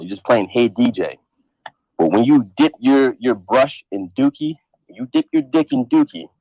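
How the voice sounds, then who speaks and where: A man's voice: medium pitch, dry recording, low-quality recording. A man hosting a casual podcast chat, talking bluntly with heavy profanity. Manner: profane, animated, blunt trash talk. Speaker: podcast host.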